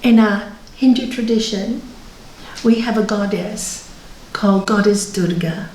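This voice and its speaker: A middle-aged woman, a yoga teacher, giving a reflective spiritual talk with readings, laughing softly between points. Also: medium pitch, a little slow, recorded from a distance, a little hiss or hum. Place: yoga centre hall. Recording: roomy, from off the mic.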